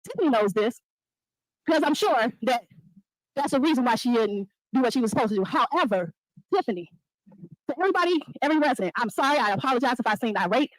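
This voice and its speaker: A woman's voice: fairly high pitch, animated, fast, dry recording, poor audio. A woman resident giving an indignant, accusing public comment at a town meeting.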